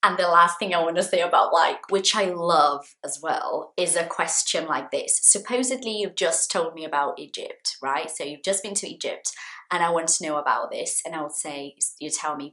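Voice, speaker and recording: A woman teaching an English lesson to camera, repeating example phrases slowly with lively, acted intonation. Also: fairly low pitch. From Brazil. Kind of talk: friendly language lesson to camera.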